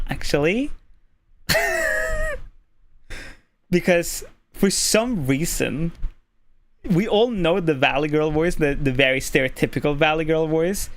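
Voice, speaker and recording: Relaxed, chatty streamer with male-sounding voice. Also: on the high side. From Norway. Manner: relaxed, deliberately easy on the voice, lots of "like" fillers. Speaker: streamer giving voice tips. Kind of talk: casual explanatory chat. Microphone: desk microphone.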